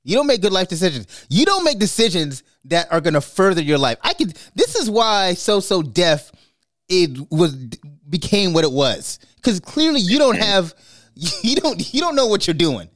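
A man co-hosting a casual chat, animated, swearing freely and laughing often as he talks. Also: sits high, moderate pace, no echo, clean studio sound. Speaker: podcast co-host.

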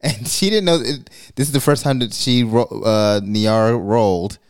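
Smooth-voiced man telling a story. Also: mid-range voice, moderate pace. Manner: warm storytelling with laughs and acted-out quotes. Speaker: podcast co-host. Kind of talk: casual chat.

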